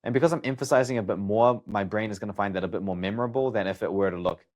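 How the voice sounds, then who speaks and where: A man's voice: on the low side, very fast, darkish tone. A man going through students' study notes and explaining them in a casual, thinking-aloud way. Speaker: study coach.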